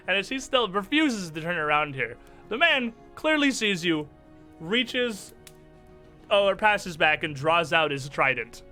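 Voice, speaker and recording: A man narrating as game master in a tabletop game, animated and often laughing. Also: high voice, measured pace, faint music behind.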